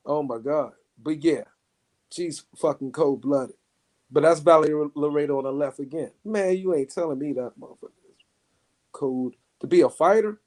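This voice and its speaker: Excitable guy on a podcast, kinda high voice, cussing nonstop, laughs a lot. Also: moderate pace. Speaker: podcast co-host. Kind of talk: crude casual banter.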